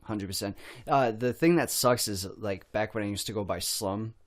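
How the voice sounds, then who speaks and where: A man's voice: fairly low pitch, expressive, unhurried, darkish tone. A man guesting on a podcast, chatting casually with a lot of swearing, crude jokes and frequent laughs. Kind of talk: casual profane chat.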